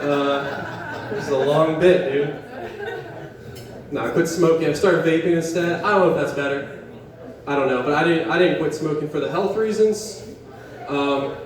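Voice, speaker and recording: A young man from West Virginia doing a stand-up set at an open mic in a coffee shop, rambling, profane and self-deprecating as he riffs with the crowd. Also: fairly high pitch. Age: young adult. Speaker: stand-up comedian. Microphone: camera set up in the room. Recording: echoey room, mic far from the stage. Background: audience laughing.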